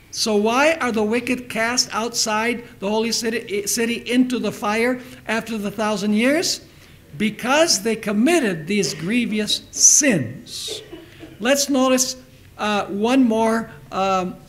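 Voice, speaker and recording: High-voiced man preaching a sermon. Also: poor audio. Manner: emphatic preacher who repeats references and asks the audience questions. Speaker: pastor.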